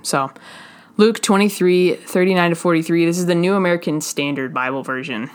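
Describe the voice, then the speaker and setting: A woman giving a sermon in a slow, halting, earnest way, pausing often between phrases. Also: fairly low pitch, clear, resonant tone. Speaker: preacher.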